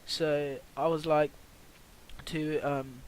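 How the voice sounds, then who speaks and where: A man's voice: fairly high pitch, flat delivery, drawn-out words, a little hiss or hum, rough recording. A teenage boy tells a storytime vlog in a rambling way, full of fillers and swearing. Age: teens. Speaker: vlogger.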